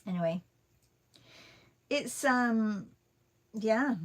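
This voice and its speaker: A woman's voice: on the high side, animated, drawn-out words. A woman who teaches art and vlogs tells a rambling, chatty story full of fillers while she paints.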